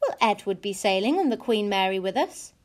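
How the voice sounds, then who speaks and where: A woman voicing a young girl, eager and a little uncertain, asking high hesitant questions. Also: very animated, a little fast, natural voice. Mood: hopeful.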